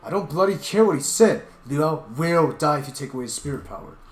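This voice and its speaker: A stern lecturer, as a man acts it out, tears into a naive ally with loud, biting scorn. A roomy echo and game music fill the space behind the voice. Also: mid-range voice, fairly quick, natural voice. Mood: furious.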